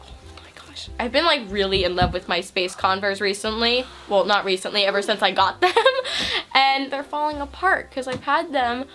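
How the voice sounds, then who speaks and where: A woman hosting a casual vlog at home, excitedly gushing and giggling as she opens presents. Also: fairly high pitch, normal speed, hardly any pauses, soft background music. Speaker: vlog host. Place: at home on Christmas Eve.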